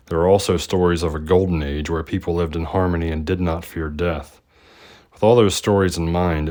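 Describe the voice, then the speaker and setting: A man narrating a scripted history voice-over in a measured, speculative, even tone. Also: low-pitched.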